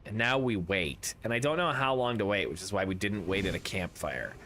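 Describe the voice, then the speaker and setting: A man's voice: fairly low pitch, expressive, brisk, pushed and bright, slight background noise. A man streaming a tabletop game with friends, chatting casually, rambling through jokes and riddles and swearing now and then.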